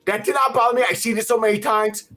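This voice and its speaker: A man's voice: sits high, fairly even intonation, fast talker, bright, forceful tone. A man hosting a podcast, giving a heated, profane rant reviewing a movie. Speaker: podcast host.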